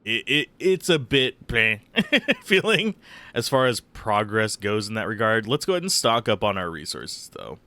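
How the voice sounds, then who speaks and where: A man's voice: fairly low pitch, big pitch swings, normal speed, sharp tone, no echo. A man streaming a game live, talking casually with a groggy, phlegmy morning voice, rambling and self-deprecating. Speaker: let's play streamer.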